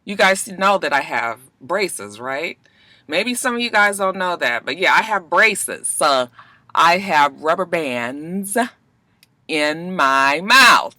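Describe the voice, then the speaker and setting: A woman's voice: on the low side, lively intonation, slow, bright, forceful tone, no room sound. A woman vlogger giving a casual, sassy, blunt review of a reality show as a YouTube reviewer, swearing freely.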